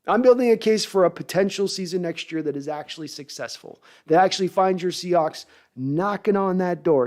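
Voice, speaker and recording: A man's voice: high voice, lively intonation, a little fast, darkish tone. A man hosting a sports podcast, delivering a rousing, preacher-like monologue to the fans. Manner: rousing, preacher-like pep talk.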